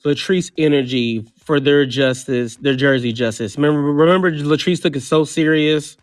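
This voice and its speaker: A man's voice: a little high, normal speed, no room sound, studio quality. A man co-hosting a podcast, chatting about a reality show in a sassy, teasing way. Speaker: podcast co-host. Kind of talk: casual reality-show recap chat.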